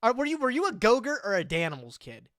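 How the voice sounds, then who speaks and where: Fast-talking and mid-range, a streamer in their twenties keeps a live stream casual and lively, leaning on slang and saying "bro" often. They read web text out loud and react to it, recorded in clean studio sound with no room sound.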